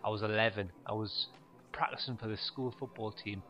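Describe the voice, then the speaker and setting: A man telling stand-up stories in a deadpan, rambling way, full of fillers. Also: on the low side, brisk, dull audio. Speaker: stand-up comedian. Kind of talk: stand-up monologue.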